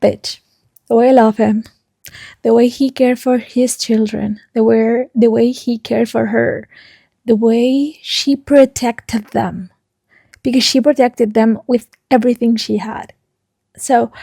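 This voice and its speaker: A woman's voice: a little high, gravelly, warm tone, husky, dry recording, clean studio sound. A young woman chatting casually in a reading vlog, rambling and emotional, swearing often and sometimes dropping to a whisper. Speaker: book vlogger.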